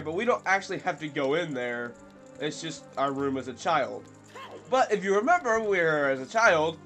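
A young man giving casual commentary while playing a video game. He jokes, rambles with fillers, and breaks into loud yelps and screams at scares. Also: a little high. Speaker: let's play commentator. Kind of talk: gameplay commentary.

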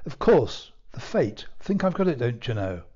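A man's voice: mid-range voice, sing-song, moderate pace, darkish tone, dull audio. A man voicing a pompous, blustering upper-class lord who has turned into a chip, in a storybook reading. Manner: blustering, stiff-upper-lip toff talk.

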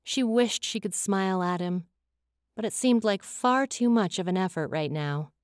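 Woman reading a fantasy audiobook, dramatic and expressive, close mic, super dry no room. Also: medium pitch, normal speed, no echo. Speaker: audiobook narrator. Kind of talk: scripted audiobook narration.

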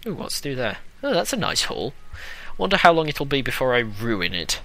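A man's voice: mid-range voice, very animated, moderate pace, sharp tone. A young man commentating on a video game he plays, sarcastic and swearing, humming tunes along the way. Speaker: let's play commentator. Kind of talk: casual gameplay commentary.

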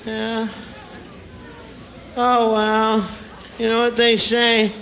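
A stand-up comedian in his act, playing a sloppy drunk man who holds a grudge and slurs, mumbles and bursts out loud. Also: high voice, monotone, drawn-out words, heavily acted. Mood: grudging. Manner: slurring, mumbling, sudden loud outbursts. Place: comedy stage before a live audience. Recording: noisy live club with audience laughter. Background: crowd laughter.

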